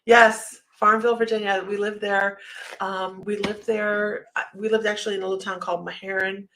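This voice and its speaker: Gravelly-voiced chatty woman with Southern tinge. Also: medium pitch, little pitch movement, brisk, pushed and bright, a little hiss or hum, poor audio. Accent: slight Southern American. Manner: chatty storyteller, lots of fillers and asides. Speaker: psychic livestream host. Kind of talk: casual livestream chat.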